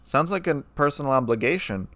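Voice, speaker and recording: A man's voice: medium pitch, animated, brisk, fairly bright tone, no echo, close to an everyday voice. A man voicing a studious, earnest young female unicorn who talks in a prim, reproachful way. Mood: scolding.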